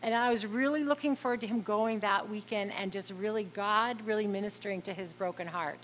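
A middle-aged woman tells her faith testimony, earnest and heartfelt. Her voice sits at an ordinary middle pitch. A faint hum runs underneath. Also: a little fast, rough recording. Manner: earnest, heartfelt, acts out dialogue as she tells it. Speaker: speaker sharing a faith testimony. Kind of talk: personal testimony storytelling.

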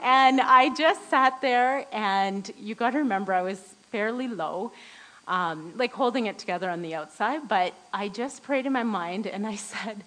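A woman giving a personal devotional talk to a women's group, telling a story earnestly and often laughing softly mid-sentence. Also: mid-range voice, normal speed, poor audio. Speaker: women's ministry speaker.

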